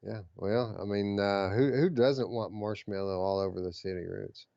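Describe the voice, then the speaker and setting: A man co-hosts a gaming podcast, reading news with eager enthusiasm and frequent filler words. His voice is smooth and resonant, recorded dry and close with a slightly dull, lo-fi tone. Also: on the low side, steady tone, normal speed, dark tone, no room sound. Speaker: podcast co-host. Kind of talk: casual chat about gaming news.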